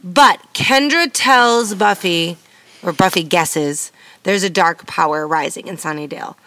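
A woman's voice: on the low side, measured pace, fairly bright tone, no room sound. A woman co-hosting a podcast, chatting casually as she recaps a TV episode, quoting characters and swearing now and then. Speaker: podcast co-host.

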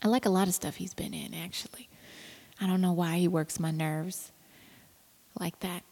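A woman's voice: fairly low pitch, fairly even intonation, moderate pace, a little mellow. A tired woman in her thirties, chatting casually to camera as a mother, rambling, laughing often and dropping into whispers. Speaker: mother vlogging. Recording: long reverb of a room.

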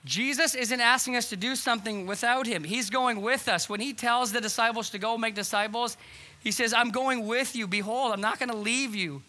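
A man's voice: extremely high pitch, normal speed, pushed and bright. A man preaching a sermon as pastor, earnest and urgent, posing questions to the congregation. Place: church hall.

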